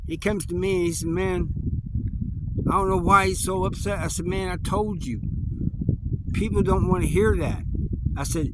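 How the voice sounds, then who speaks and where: A man with a slightly high voice tells a story in a loose, rambling way. He keeps circling back with "he goes" and "man" as he replays conversations. Clear background noise sits behind his voice. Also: steady tone, normal speed, pauses often. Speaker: storyteller recounting prison life. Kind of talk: casual spoken storytelling.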